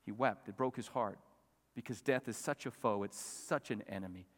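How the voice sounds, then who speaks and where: A male pastor preaching a sermon, swinging from loud, emphatic peaks down to soft, quiet asides. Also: on the low side, normal speed. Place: church sanctuary. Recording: long reverb of a church hall.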